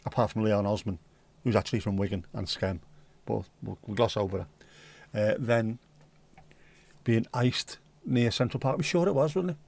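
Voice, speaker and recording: A man hosts a casual livestream, chatting with viewers and reading their comments aloud in dry, rambling, joking banter, sometimes slipping into silly voices. His mid-range voice is creaky with a darkish tone, and the recording is dry.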